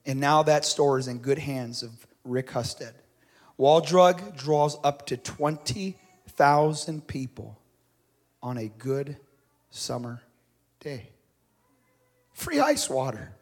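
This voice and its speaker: A man's voice: mid-range voice, slow pace. A man preaching and reading a story aloud, swelling and dropping his volume for drama. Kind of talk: storytelling sermon.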